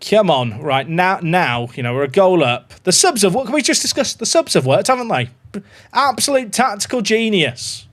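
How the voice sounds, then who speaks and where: A man live-streaming a football management game, chatting excitedly to his viewers and reacting to every goal. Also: sits high, normal speed. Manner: excitable, chatty, talks to his dog and chat. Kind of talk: live gameplay commentary.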